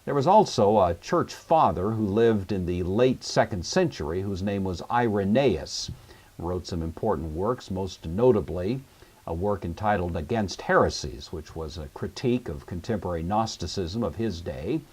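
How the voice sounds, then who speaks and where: Deep, husky-voiced man teaching Greek. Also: lively intonation, darkish tone. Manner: measured, methodical explaining with repeated words. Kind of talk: recorded lecture.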